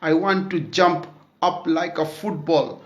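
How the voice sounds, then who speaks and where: A man voicing a young boy who longs to play in the fields, pleading eagerly. He speaks in a somewhat high voice at an unhurried pace. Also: fairly even intonation, roomy sound, natural voice. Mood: longing.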